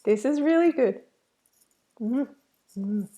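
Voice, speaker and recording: A woman reacting to a video and reading her live chat, animated and preachy, full of "like" and "you know". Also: fairly high pitch, slow pace. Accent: Australian. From Australia.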